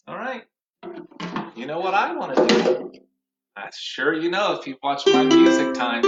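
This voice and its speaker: A man teaching an online music lesson to young children, speaking gently and encouragingly. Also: on the high side, sing-song, unhurried, long pauses. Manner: gentle, encouraging, sings simple songs with kids. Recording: roomy, slightly dull home video audio.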